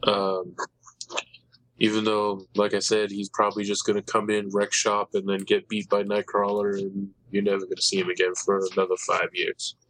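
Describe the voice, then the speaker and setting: A man's voice: lowish voice, completely flat delivery, moderate pace, fairly bright tone, no echo, poor audio. A man hosting a casual podcast chat, rambling eagerly about comic books. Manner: rambling, eager comic-book fan talk.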